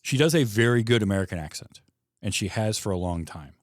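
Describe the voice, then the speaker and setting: A man with a Michigan Midwest accent hosts a casual film podcast, full of chatty enthusiasm. His voice sits on the low side, and it is recorded close and dry, with no room sound at all. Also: expressive, no room sound. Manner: chatty, enthusiastic, quick asides. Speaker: podcast host.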